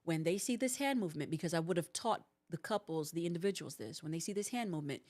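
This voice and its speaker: A woman's voice: lowish voice, lively intonation, fast talker, darkish tone. A woman in her forties, a host and counselor, giving earnest relationship advice on a livestream and acting out what couples say. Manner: earnest, coaching, acts out couples' lines.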